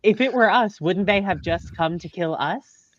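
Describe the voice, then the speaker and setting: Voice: mid-range voice, normal speed, muffled recording, background noise. A player at a tabletop game, speaking in dry, sarcastic quips.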